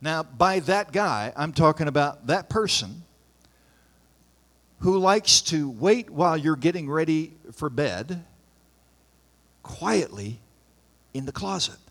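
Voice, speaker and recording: A man, a pastor, reading scripture aloud and breaking off for relaxed, conversational asides in his sermon. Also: a little high. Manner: conversational, pauses for informal asides. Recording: long hall reverb.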